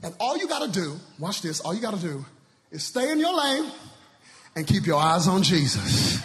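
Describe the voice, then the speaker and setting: A male guest preacher from Dallas, Texas, preaching an energetic sermon with shouted, sing-song lines and call-and-response in a church. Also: sits high, moderate pace, big-room sound, some chatter behind, a little hiss or hum. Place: large church sanctuary.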